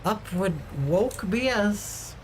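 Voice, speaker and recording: A woman's voice: medium pitch, slow pace, slight background noise. A woman from Sweden chatting casually and joking with her viewers while she plays a game. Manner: joking, rambling, teasing chat. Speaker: game streamer.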